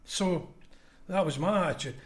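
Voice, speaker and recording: Man, Scottish accent, older, casual anecdotal chat, blunt, somewhat high pitch. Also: moderate pace. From Scotland. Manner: anecdotal, blunt, acts out quoted voices. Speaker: guest, former union convener. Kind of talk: casual podcast chat, storytelling.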